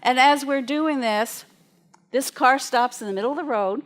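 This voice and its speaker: A woman minister preaches a sermon to her congregation in a fairly high voice at a normal speed. She tells her stories in a chatty, lively manner and laughs along the way.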